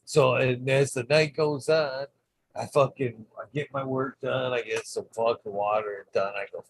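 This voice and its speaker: A man's voice: mid-range voice, moderate pace, vocal fry, a little hiss or hum, rough recording. A man hosting his own channel, telling a rambling, swear-heavy story in casual vlog style. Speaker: channel host.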